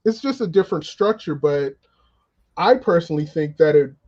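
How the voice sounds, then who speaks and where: A laid-back man chatting casually, laughing often and filling pauses with ums. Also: on the high side, lively intonation, darkish tone, dull audio. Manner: laid-back, laughs a lot, many fillers. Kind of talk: casual chat.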